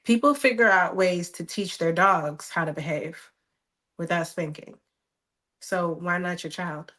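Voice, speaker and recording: A woman on a casual panel, giving measured, reasoned points and asking pointed questions. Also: on the low side, a bit bright. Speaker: panel guest.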